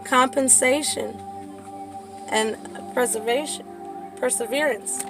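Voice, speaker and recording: A high-pitched woman talks through a tarot reading in a casual, swearing way that turns into impassioned preaching. Music plays clearly behind her voice. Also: slow pace. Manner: profane, casual. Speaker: tarot reader.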